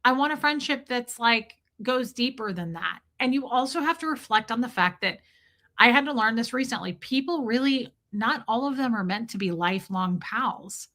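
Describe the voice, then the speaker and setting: A woman live streamer with a fairly high, expressive, fairly bright voice chats candidly with her viewers at normal speed. She swears casually and greets people in chat by name right in the middle of her stories.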